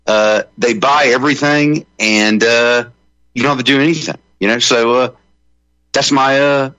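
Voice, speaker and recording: A man's voice: medium pitch, fairly even intonation, normal speed, bright, forceful tone, no room sound, muffled recording. A man who is a comedian guest on a radio talk show, joking in a rambling way with many fillers.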